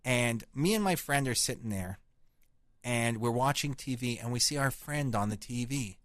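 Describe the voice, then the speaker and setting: A man's voice: mid-range voice, lively intonation, normal speed, fairly bright tone, no echo, clean studio sound. Brash profane Canadian man. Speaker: podcast host. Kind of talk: crude casual banter.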